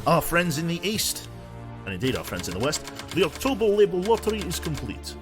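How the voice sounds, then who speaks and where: A man voicing a stern male state announcer in a bad fake Russian accent, booming out an official bulletin. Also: big pitch swings, fairly quick, over music. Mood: proclaiming.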